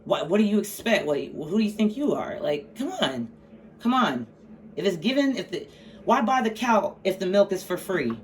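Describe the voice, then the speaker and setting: Speaking at a moderate pace in a very animated mid-range voice, this woman delivers a casual tarot reading full of profanity, bluntness, and sassy side comments. The slightly distant mic picks up faint background noise.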